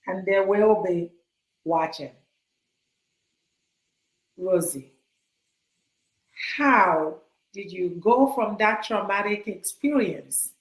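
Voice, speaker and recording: A woman interview host who asks supportive questions and echoes the guest's words back. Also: medium pitch.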